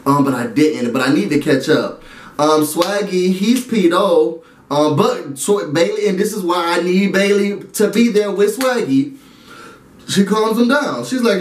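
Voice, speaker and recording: A fairly high-voiced man chats animatedly through a TV recap, breaking off into asides to his viewers. He sounds a little away from the camera mic, and the room around him echoes. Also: normal speed, far from the mic. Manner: animated, chatty, talks straight to viewers with asides. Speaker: reality TV recap YouTuber. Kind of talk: casual recap and review vlog.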